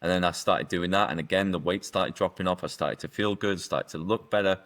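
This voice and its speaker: A middle-aged man telling his personal story as a podcast guest, earnest and emotional, with halting restarts. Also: deep voice, a bit bright.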